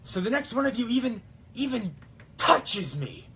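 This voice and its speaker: A man's voice: extremely high pitch, sing-song, moderate pace, pushed and bright, a little hiss or hum, voice pushed up, heavily acted. A man doing an impression of a cocky, wisecracking male demon hunter, with brash, swaggering one-liners. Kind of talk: on-demand character impression.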